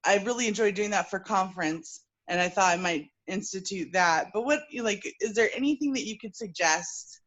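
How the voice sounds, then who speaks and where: A woman's voice: medium pitch, moderate pace, few pauses, fairly bright tone. A newly promoted woman director asking a hesitant question, full of fillers, on a video call.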